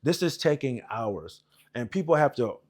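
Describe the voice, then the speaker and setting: A man's voice: medium pitch, lively intonation, moderate pace, darkish tone. A man in his forties, an Air Force veteran, telling service stories in a rambling, profane, casual way with lots of fillers. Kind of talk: casual storytelling.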